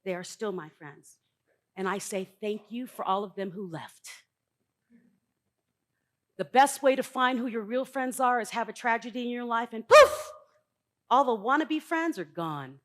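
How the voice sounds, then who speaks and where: A middle-aged woman speaks on a conference stage in a live motivational talk. Her voice sits a little high, and she talks bluntly and emphatically. She swings between loud, punchy lines and quiet asides. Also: normal speed.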